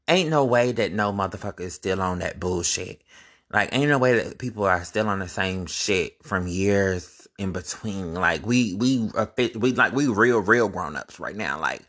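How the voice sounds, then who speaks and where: Animated, cussing young man telling a story. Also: lowish voice. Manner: animated, profane, gossipy storytelling. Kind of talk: casual storytime vlog.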